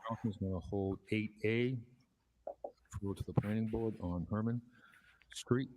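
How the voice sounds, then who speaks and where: Brisk low-voiced man chairing a meeting. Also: a little mellow, slight background noise. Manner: brisk, procedural.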